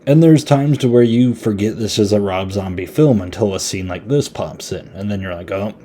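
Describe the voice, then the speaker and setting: A man's voice: fairly low pitch, normal speed, mellow. A man hosting a podcast, giving a casual, rambling horror movie review in a laid-back, chatty way. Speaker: podcast host.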